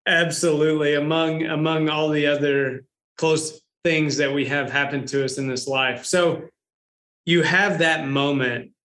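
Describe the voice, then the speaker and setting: A man's voice: a little high, fairly even intonation, unhurried, a bit bright. A man hosting a podcast interview, answering his guest with short affirmations and follow-up questions. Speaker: podcast host. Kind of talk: casual interview. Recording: roomy echo.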